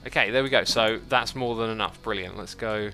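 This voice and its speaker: A man's voice: fairly low pitch, brisk, bright, forceful tone, soft background music. A man hosting a livestream, chatting casually and thinking aloud while he builds, reading out viewer messages as he goes. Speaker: livestream host. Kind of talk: casual chat while playing a building game.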